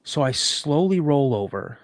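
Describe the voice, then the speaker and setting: A man telling an emotional personal story in an earnest, halting way, full of restarts as he fights back tears. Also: mid-range voice, big pitch swings, dry recording, studio quality.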